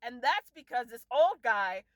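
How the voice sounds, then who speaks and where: A woman vlogger in an exasperated, profane rant about a film she reviews, her voice swinging sharply up and down. Her pitch sits on the high side, and the recording is close and dry with no room sound. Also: big pitch swings, unhurried, a bit bright, no echo. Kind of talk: casual rant to camera.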